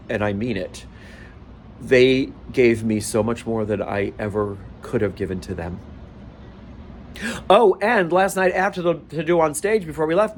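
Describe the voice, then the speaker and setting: A man's voice: on the high side, slight background noise. A man in the wardrobe department of a theater, talking casually and emotionally into his phone camera at home, gushing and laughing at himself. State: emotional, near tears. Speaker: theater wardrobe worker and vlogger. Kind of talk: casual selfie vlog. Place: at home, then a bathroom.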